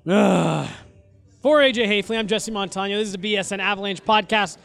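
A man's voice: high-pitched, steady tone, fast talker, fairly bright tone, smooth, faint music behind. A man hosting a sports podcast, chatting casually, rambling with restarts and frequent laughs. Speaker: podcast host.

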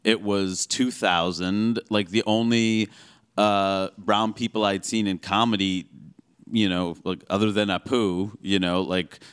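A man with a slightly low voice chatting as a comedian guest on a talk show. He talks in animated bursts, piling up asides and "you know"s as he makes his point. The delivery is loose and conversational. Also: measured pace, clear, resonant tone. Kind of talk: casual interview chat. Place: radio show studio with audience.

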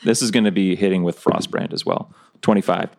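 Deep, gravelly male player, wry and joking at the table. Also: fairly even intonation, fairly quick, slight background noise. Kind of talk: casual tabletop play.

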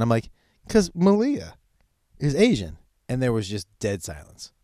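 A middle-aged man telling a profane, animated comedic story about his son. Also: medium pitch, a little slow, no room sound, clean studio sound. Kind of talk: stand-up style storytelling.

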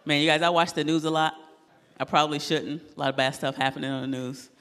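A woman comedian performing a stand-up set, animated and laughing at her own jokes, on a club stage mic. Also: sits low, fast talker, big-room sound.

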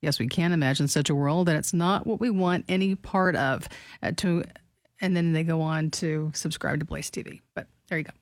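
A woman's voice: low voice, moderate pace, no room sound. Woman co-host reading the news. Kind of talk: reading news stories aloud on talk radio.

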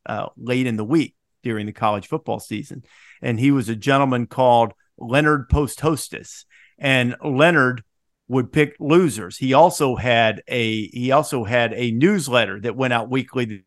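A man's voice: mid-range voice, a bit bright, no room sound. Brief: middle-aged male podcast host, wry and teasing, dry close sound. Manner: wry storyteller, teasing co-hosts. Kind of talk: sports podcast chat.

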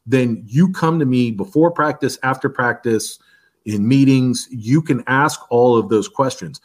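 A man who coaches a defensive line, telling practice stories in an interview and acting out the lines he shouts at players. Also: mid-range voice, normal speed. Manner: animated, acts out shouted quotes from practice. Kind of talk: interview storytelling.

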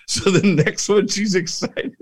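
A man's voice: high voice, unhurried, slightly rough. A middle-aged man co-hosting a podcast, telling stories animatedly and often breaking into laughter. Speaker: podcast co-host. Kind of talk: casual chat.

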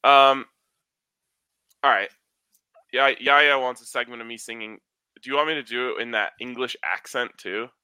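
A man's voice: medium pitch, moderate pace, long pauses, sharp tone, clear, resonant tone, no echo. A man hosting a casual sports podcast, joking and trash-talking as he runs through betting picks. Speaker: podcast host giving hockey betting picks.

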